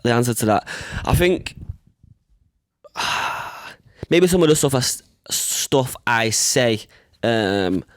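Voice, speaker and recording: A man's voice: medium pitch, expressive, slow, long pauses, dry recording, studio quality. A man in his early twenties with a Manchester accent, a rapper talking as a guest in a casual interview, laid-back and rambling, full of slang and fillers. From Manchester, England. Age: 20s.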